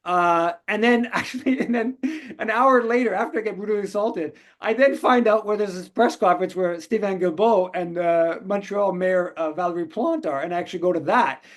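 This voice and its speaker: A man's voice: sits high, brisk. A man hosting a call-in show, telling stories in a rambling way with many restarts. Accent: Canadian English. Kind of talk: casual storytelling and commentary.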